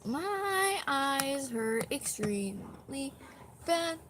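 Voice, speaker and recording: A woman's voice: high voice, very animated, extremely slow, background noise. Rambling, tired young woman live streaming. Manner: rambling, self-deprecating, swears casually. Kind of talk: casual live stream chat. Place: at home with a dog on her back.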